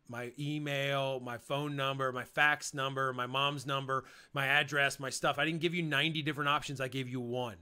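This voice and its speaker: A man teaching project managers how to present, talking casually and energetically, switching between quick rambling and slow, emphatic lines. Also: mid-range voice, fairly even intonation, pushed and bright, clean tone. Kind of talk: casual motivational lesson.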